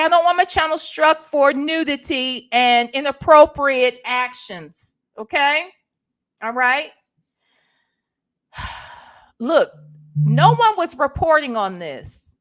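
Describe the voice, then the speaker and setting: High, lively woman gossiping to her viewers. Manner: animated, repeats herself, talks to chat. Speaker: commentary vlogger. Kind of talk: gossip commentary with live chat.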